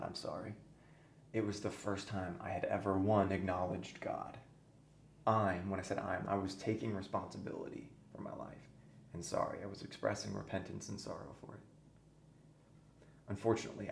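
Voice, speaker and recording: A man's voice: deep voice, gravelly. A man guest on a podcast, telling his own story earnestly and intensely, his voice sometimes sinking to a near-whisper. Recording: echoey room with faint noise.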